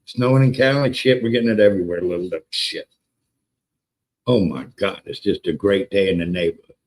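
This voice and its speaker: A man hosting a casual livestream, excitable and profane, greeting chatters by name and repeating words for emphasis. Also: deep voice, brisk, rough recording. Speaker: livestream host. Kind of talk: casual live-stream chat with viewers.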